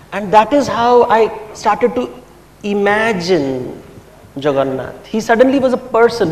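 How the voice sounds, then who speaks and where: A middle-aged man from India, speaking, telling personal stories in a reflective, unhurried public talk at a commemorative function. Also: sits high. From India, grew up in Bombay. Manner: reflective, unhurried storytelling with pauses. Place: large hall or auditorium. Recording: echoey hall with long reverb.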